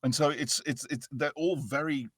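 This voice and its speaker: A man's voice: medium pitch, steady tone, normal speed, fairly bright tone, breathy edge, no echo. A middle-aged man with an English accent, a guest actor chatting animatedly and playfully in an interview. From England. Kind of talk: casual interview chat.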